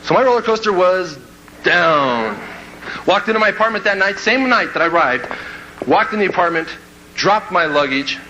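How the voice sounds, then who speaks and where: A man from Kansas giving a motivational speech, telling a story to a live audience in an animated way and acting out scenes with sound effects and quoted voices. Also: high-pitched, moderate pace, slight background noise, low-quality recording. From Kansas, USA. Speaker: motivational speaker.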